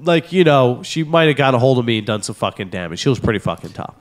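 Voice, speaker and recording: A man's voice: medium pitch, fast talker. A man hosting a podcast, telling a profane story in casual chat and acting out the voices in it. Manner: animated, profane, acts out voices in his story. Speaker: podcast host.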